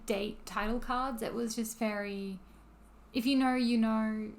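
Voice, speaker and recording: A young Australian woman co-hosting a podcast, chatting casually with quick, sweary asides. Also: on the high side, fairly even intonation, slight background noise. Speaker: podcast co-host. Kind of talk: casual chat.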